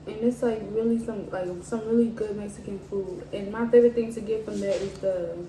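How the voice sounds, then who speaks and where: A woman's voice: medium pitch, fairly quick. A woman in a casual chat while eating on camera, explaining things step by step with lots of "like"s. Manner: relaxed, explains step by step with many "like"s. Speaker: mukbang co-host. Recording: echoey room, mic at a distance, faint background hiss.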